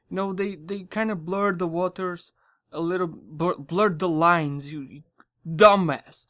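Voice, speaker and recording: A channel host giving a casual spoken review, rambling and excitable, often stumbling and correcting their words. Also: medium pitch, no room sound, clean studio sound.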